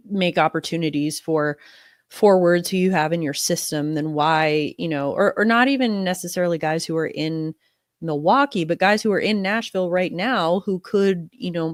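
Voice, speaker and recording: A young woman hosts a sports podcast in a chatty, loose way, full of fillers and restarts. A cold leaves her sounding nasal, and her voice sits a little low for a woman. The sound is dry and close. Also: dry recording. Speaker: podcast host. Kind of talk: casual sports talk.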